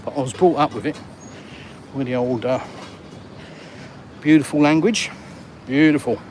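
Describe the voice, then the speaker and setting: A man's voice: a little high, animated, moderate pace, long pauses, darkish tone. A man chatting and joking with viewers while live-streaming on a walk outdoors. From England. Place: outdoors on a city street. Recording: outdoor street traffic noise.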